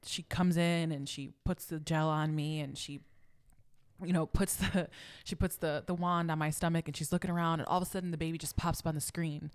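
A young woman with a somewhat low voice talks on a casual podcast. She rambles through a personal story with emotion, filling it with restarts and "you know"s. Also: fairly even intonation, fairly quick, clean tone. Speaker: podcast co-host. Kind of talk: casual chat.

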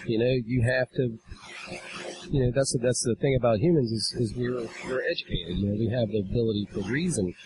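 A man in casual podcast chat, swearing freely and growing animated as he retells a quarrel. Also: mid-range voice, a little fast, a crowd in the background, poor audio. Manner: profane storyteller, animated when retelling a quarrel. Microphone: drifts from the mic at times.

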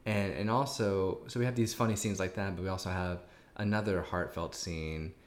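A man's voice: low-pitched, fairly even intonation, normal speed. A man co-hosting a casual movie review chat, thoughtful, with hesitant restarts. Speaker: podcast co-host.

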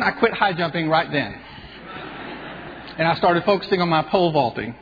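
High-voiced man telling an inspirational story. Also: slight background noise. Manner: storytelling, earnest, conversational. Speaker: radio host. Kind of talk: inspirational radio talk. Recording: dull sound with long hall reverb.

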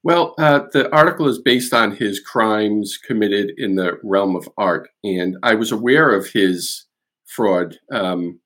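A man, a guest author on a podcast, explaining a case in animated storytelling with restarts. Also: on the low side, slow. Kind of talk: podcast interview.

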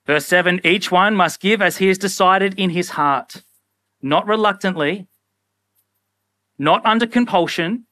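Man, young, preaching, casual and animated, high-pitched, dry close sound. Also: measured pace, pauses often, dry recording. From Australia. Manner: casual and animated, acts out little scenes. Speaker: pastor. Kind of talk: sermon.

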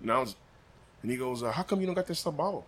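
Animated storytelling man from Des Moines. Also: racing, a little hiss or hum. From Des Moines, Iowa. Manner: animated, acts out quotes with big pitch jumps. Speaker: barbecue sauce maker, podcast guest. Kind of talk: casual storytelling.

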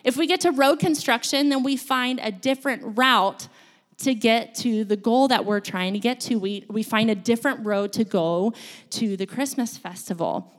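A woman, a school counselor, giving a sermon in a church, telling stories in an animated, playful way. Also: on the high side, moderate pace. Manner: storytelling, animated, playful with laughs. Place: church sanctuary.

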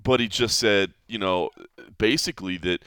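A podcast host in Las Vegas, Nevada chats casually and rambles, full of fillers and restarts. His lowish voice has a fairly bright, clear, resonant tone at a moderate pace. The studio recording is clean, without echo.

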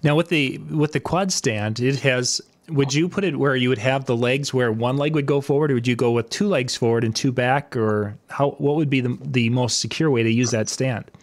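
A man's voice: mid-range voice, normal speed, hardly any pauses. A man hosting a casual interview, asking long questions that restart and wander. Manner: rambling, restarts his questions.

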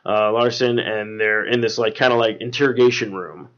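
A man's voice: lowish voice, fairly even intonation, normal speed, a bit bright, dull audio. A man hosting a podcast, recapping a film in casual chat with lots of fillers and swearing. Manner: rambling, many fillers and swearing. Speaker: podcast host.

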